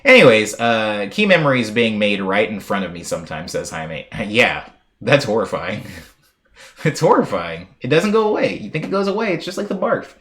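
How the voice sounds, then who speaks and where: A young man from the United States chats loosely on a live stream, wandering between stories and reading messages aloud. His pitch swings widely and animatedly within sentences, and he rambles playfully with lots of fillers at a moderate pace.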